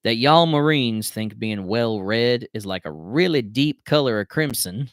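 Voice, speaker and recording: A man voicing a cocky, easygoing Southern Air Force controller with a slow, laid-back drawl. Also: mid-range voice, lively intonation, dry recording, studio quality, natural voice. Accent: Southern US drawl, put on.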